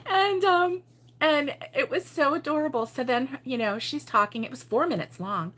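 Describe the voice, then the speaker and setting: Middle-aged woman host, chatty and laughing, with a crisp, bright tone sitting a bit high. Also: animated, normal speed. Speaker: crochet channel host. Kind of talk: casual live chat with viewers.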